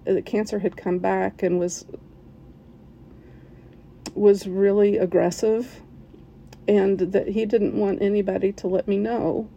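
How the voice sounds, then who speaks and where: A woman sharing an emotional personal story, halting at times, with fillers, restarts and soft laughs. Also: medium pitch, vocal fry, a little hiss or hum.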